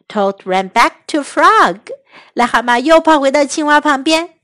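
A woman reading a children's story line by line in two languages, slow, careful and expressive. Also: high voice. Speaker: storyteller and English teacher. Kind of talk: bilingual storybook narration for children.

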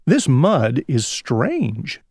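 A man voicing a small male pig who loves mud, in a slow, drawn-out storybook reading. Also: medium pitch, wildly swooping pitch, a little mellow, husky, no room sound, studio quality, heavily acted. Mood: content.

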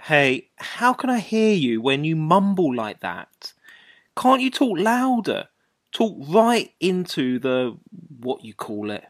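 A woman voices Jack, a careless man on a poor long-distance call, in a heavily acted drama reading with a low, sing-song voice and a slow pace. She makes him impatient, brusque, offhand and quick to irritation, and the studio-quality audio has no echo.

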